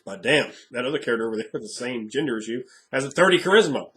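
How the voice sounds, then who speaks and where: A man in a casual monologue about tabletop games, speaking frankly and rambling as he thinks aloud. His voice sits at a medium pitch. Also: lively intonation, fast, sharp tone. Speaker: game master.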